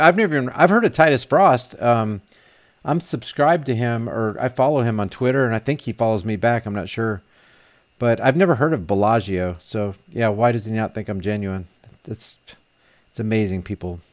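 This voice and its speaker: A man vlogging casually, reading viewer comments aloud and rambling with frequent restarts and repeated words. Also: medium pitch. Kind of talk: casual live chat.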